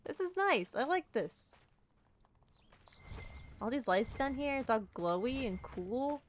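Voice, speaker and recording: A woman's voice: fairly high pitch, animated, slow, a little hiss or hum. Bubbly woman doing game commentary. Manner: bubbly, jokey, talks to game characters. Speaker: let's play streamer. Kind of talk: playful gaming commentary.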